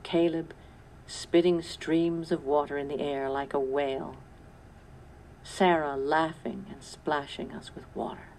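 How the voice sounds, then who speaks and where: A woman narrating a storybook in a low, calm voice, taking her time. Each line is measured and steady, with a faint hiss in the background. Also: vocal fry, poor audio. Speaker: storybook reader. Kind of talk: scripted narration.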